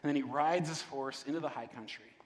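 A man's voice: medium pitch, quick pace. A man preaching a sermon in a conversational way, often checking in with the congregation. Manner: conversational, repeats "right?", restarts words. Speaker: pastor. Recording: long reverb of a large hall.

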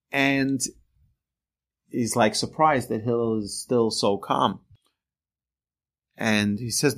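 A man teaching a religious lesson through earnest, animated storytelling. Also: medium pitch, unhurried, creaky, long pauses.

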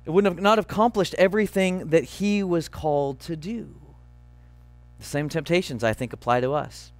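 Male pastor, sermon delivery, emphatic and earnest, high voice, dry sound. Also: no echo. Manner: earnest, emphatic, slowing on key phrases.

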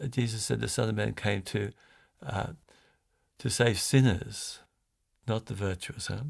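Male priest, gravelly voice, sermon; storytelling delivery, restarts and fillers. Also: mid-range voice.

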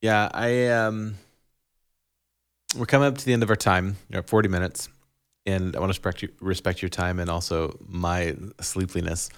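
A man's voice: low voice, steady tone, normal speed, clean tone. A man in his thirties, a podcast co-host, talking casually about parenting, rambling with frequent laughs and restarts.

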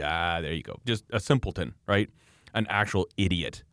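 A low-voiced man from Canada rants on a casual podcast, animated and scornful as he mocks his critics. His voice is recorded close and dry, with no room sound. He talks like a knife maker swapping stories. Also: moderate pace, no echo. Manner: animated, mocking, ranting.

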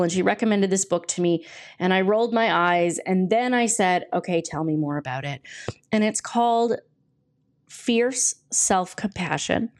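A woman hosting her podcast and working as a coach, talking casually and with self-deprecating humor while she reads passages from a book. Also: mid-range voice. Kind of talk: casual solo podcast talk.

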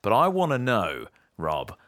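A man's voice: on the low side, huge pitch swings, a little slow, a bit bright, dry recording, studio quality. A man co-hosting a casual chat, thinking aloud as he guesses at a film's plot, often stopping to correct himself.

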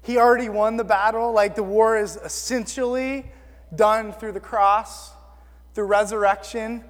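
A man's voice: sits high, fairly even intonation, unhurried, in a large hall. A man preaching a casual sermon as pastor, telling a film story with self-deprecating asides.

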